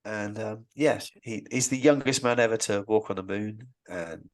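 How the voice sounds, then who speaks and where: A man's voice: lowish voice, normal speed. A man, a guest on a podcast, telling stories in an enthusiastic, rambling way and often restarting his sentences. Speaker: Stonehenge guide and podcast guest. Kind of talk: casual storytelling interview.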